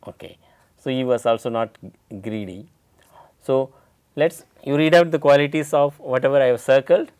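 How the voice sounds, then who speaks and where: A man's voice: medium pitch, moderate pace, darkish tone, clean tone, no echo, clean studio sound. A man with an Indian English accent teaching an English lesson, asking a student questions and explaining step by step.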